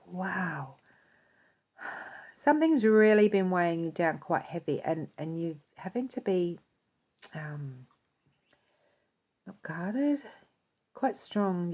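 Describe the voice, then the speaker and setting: A woman with a slightly husky, breathy voice that sits on the low side gives a casual spiritual reading to camera. She chats loosely and thinks aloud as she works. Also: warm tone. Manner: chatty, thinking aloud, yawning and laughing. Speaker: intuitive channeler and reader.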